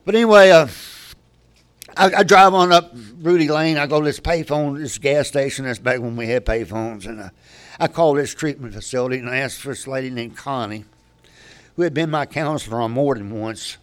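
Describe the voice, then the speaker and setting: Older man, candid recovery-meeting speaker, rambling delivery with restarts, mid-pitched voice. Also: a little fast. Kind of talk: personal recovery story.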